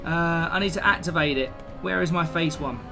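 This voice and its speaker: A live streamer, chatting casually, excitable and flustered, laughing often. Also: medium pitch, fairly quick, vocal fry, over music.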